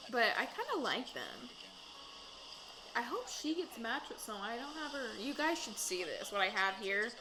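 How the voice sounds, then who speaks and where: A woman hosting a casual reaction recap of a reality dating show, chatting in a gossipy way with quick asides and bursts of laughter. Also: mid-range voice, low-quality recording.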